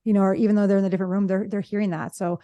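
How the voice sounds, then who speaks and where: A woman couple therapist co-hosting a podcast, talking in an animated way and acting out example lines, recorded in her office. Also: mid-range voice, rapid-fire, dry recording, dull audio. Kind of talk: casual conversational podcast chat.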